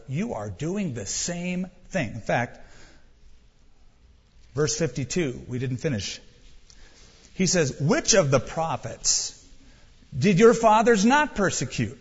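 Man preaching, husky higher voice, urgent emphatic sermon, church echo. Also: dull audio. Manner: emphatic, urging the audience directly. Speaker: pastor.

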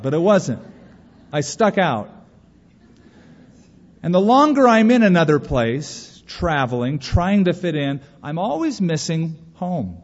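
A male pastor from California, preaching a sermon in an earnest way with rhetorical questions and story asides. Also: on the high side. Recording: reverberant hall, dull lo-fi sound.

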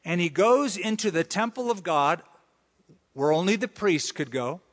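A man's voice: high voice, lively intonation, a little slow. A man preaching a sermon, who often acts out the voices of the people he quotes. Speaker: pastor. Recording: long hall reverb.

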